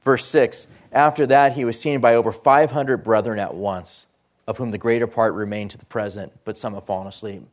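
A man preaching a sermon, reading scripture aloud and explaining it earnestly, rising for emphasis and dropping low at phrase ends. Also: steady tone, fairly quick. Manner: rises in pitch and volume for emphasis, drops low at phrase ends.

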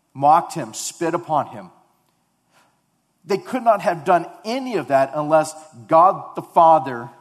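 A male pastor preaches a sermon, swinging between loud, urgent build-ups and hushed, low passages, leaning on rhetorical questions and repetition. The recording carries a long hall reverb.

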